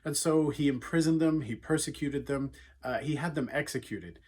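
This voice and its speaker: A man's voice: fairly high pitch, normal speed, a little mellow. A man giving an earnest, conversational devotional talk for young people, retelling a Bible story. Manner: earnest, conversational, with frequent fillers. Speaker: youth speaker.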